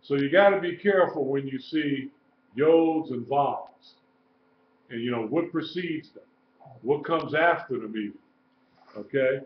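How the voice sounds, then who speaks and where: A man teaching a live-streamed lesson, slow and patient, repeating sounds and letters. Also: medium pitch. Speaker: Hebrew teacher. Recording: roomy, dull live-stream audio with faint noise.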